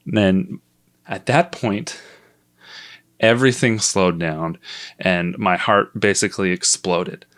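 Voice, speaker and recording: A man's voice: low-pitched, takes it slowly, pauses often. Swearing young man telling a story. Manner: swears a lot, animated, self-mocking. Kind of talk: casual storytelling vlog.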